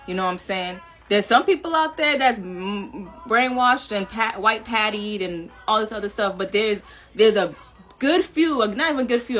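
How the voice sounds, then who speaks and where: A woman's voice: medium pitch, a bit bright. Earnest woman. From Atlanta. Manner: earnest, emphatic, with restarts. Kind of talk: casual spoken commentary.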